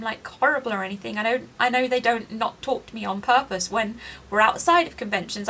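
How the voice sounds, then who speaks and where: A woman's voice: fairly high pitch, fairly bright tone, a little hiss or hum. A woman in her late thirties, crying as she confides in a personal video diary, self-deprecating and frank. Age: 30s. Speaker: vlogger.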